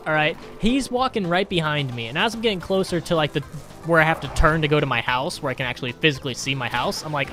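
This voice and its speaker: A man's voice: mid-range voice, big pitch swings, quick pace, a bit bright, soft background music. A young man hosting a gaming channel, telling rambling, profane stories while frustrated at a hard game. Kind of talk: casual gameplay commentary.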